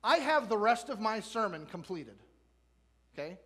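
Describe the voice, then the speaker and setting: High-voiced pastor preaching in a church. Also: male voice, moderate pace. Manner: lively, asks the congregation questions, jokes. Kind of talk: sermon. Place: church sanctuary. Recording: long church reverb.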